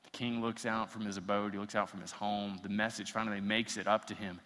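Bright-voiced preacher in a reverberant hall. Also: male voice, lowish voice, little pitch movement, fairly quick. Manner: reads scripture aloud, acts out quotes with rising intensity. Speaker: pastor. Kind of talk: sermon.

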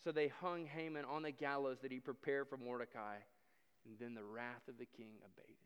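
A man preaching a sermon, retelling a story with dramatic swings between loud declarations and hushed asides. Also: medium pitch, fairly even intonation, normal speed, clear, resonant tone. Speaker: pastor. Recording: long hall reverb.

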